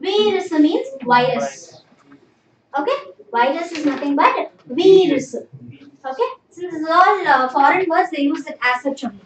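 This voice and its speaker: A woman's voice: high-pitched, lively intonation, unhurried. A woman teaching a language class, patient and drilling students, saying "okay" constantly. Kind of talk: live online class. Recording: echoey room, distant mic, faint noise.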